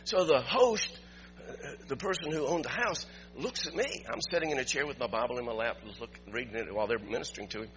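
A man, a pastor, preaching a sermon in an animated storytelling way that climbs to emphatic peaks. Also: mid-range voice, fast talker, dull audio.

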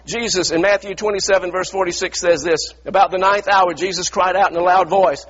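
A man's voice: high voice, steady tone, fairly quick, few pauses, fairly bright tone, dull audio. A male preacher delivering an impassioned sermon, retelling stories and voicing pleading sons. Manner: impassioned, acts out biblical voices.

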